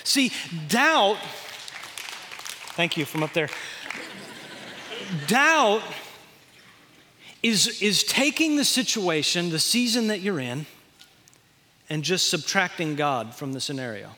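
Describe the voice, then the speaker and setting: Bright, folksy preacher. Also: male voice, sits high, unhurried, long pauses, in a large hall, a little hiss or hum. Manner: folksy, animated, acts out quotes. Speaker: pastor. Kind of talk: sermon.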